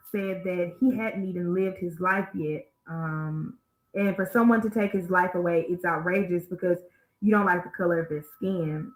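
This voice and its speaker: A woman hosts a casual online radio show, talking to her listeners with plenty of fillers and direct asides while she is still out of breath. Her voice is bright and sharp. The sound rings in a roomy, echoey space. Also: mid-range voice. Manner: chatty, addresses listeners as y'all, many fillers. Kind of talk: casual news talk.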